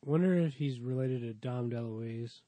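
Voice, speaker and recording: A man's voice: mid-range voice, normal speed, dark tone, no room sound. A man co-hosting a podcast and chatting casually, joking around in playful banter. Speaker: podcast co-host. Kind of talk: casual chat.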